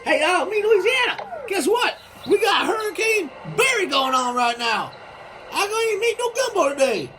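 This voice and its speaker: A woman voicing a loud, folksy talking puzzle-piece state who uses slangy speech, with music underneath. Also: very high voice, very animated, normal speed, pitched above the performer's own voice. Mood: urgent.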